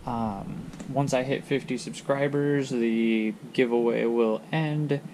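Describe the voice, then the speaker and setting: A man with a gravelly voice at an ordinary pitch talks casually about cars, rambling and restarting his sentences. Steady noise sits behind him in the recording. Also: slow. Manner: loose and rambling, many ums and restarts. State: hiccups. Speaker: car channel host. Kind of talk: casual vlog talk to camera.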